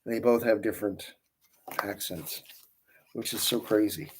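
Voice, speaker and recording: A man's voice: lowish voice, moderate pace, slightly rough. A man chatting casually with viewers on a livestream, greeting them by name and rambling through friendly asides while he twists balloons. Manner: works with his hands while talking. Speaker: balloon twister streaming live.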